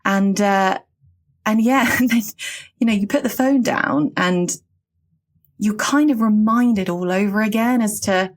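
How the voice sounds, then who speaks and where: A woman from England in her late thirties, talking in an earnest, reflective and halting way on a casual podcast. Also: mid-range voice. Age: late 30s.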